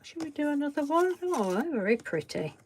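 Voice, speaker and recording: Her voice sits high with big pitch swings as this craft live stream host talks briskly, greeting viewers and answering their chat messages. She reassures them gently and casually, frequently trailing off and restarting sentences. Slight background noise is present.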